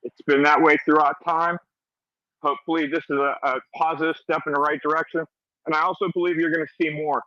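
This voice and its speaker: A man's voice: on the high side, flat delivery, brisk, sharp tone, dry recording. An American man joining a live audio chat as a regular listener, upbeat and earnest. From United States. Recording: dull lo-fi audio.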